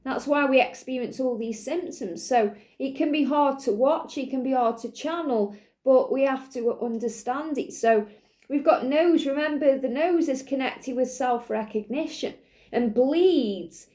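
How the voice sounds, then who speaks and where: High, mellow-voiced woman giving a spiritual reading. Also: a little slow. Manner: earnest, reassuring, repeats phrases, frequent "you know". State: clearing throat, slight cough. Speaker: spiritual reader. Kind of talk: channelled tarot-style reading to viewers.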